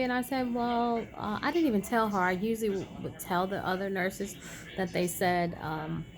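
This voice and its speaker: A woman vlogger casually retelling a personal story, chatty and animated, acting out quoted dialogue. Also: mid-range voice. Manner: many fillers and restarts.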